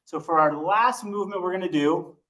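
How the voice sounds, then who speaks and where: A male instructor leads a seated workout, counting each repetition in an upbeat, encouraging voice. His voice sits a little high, he is slightly out of breath, and he sounds a bit away from the microphone. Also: brisk, a bit bright, far from the mic, low-quality recording. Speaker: exercise instructor. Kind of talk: leading a seated exercise class.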